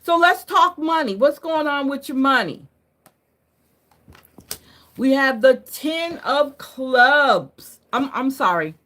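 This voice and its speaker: A woman's voice: high voice, animated, takes it slowly, long pauses, fairly bright tone. A woman hosting a live card reading, talking casually and often checking in with "right?" and "okay?", correcting her own slips with a laugh. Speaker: card reader.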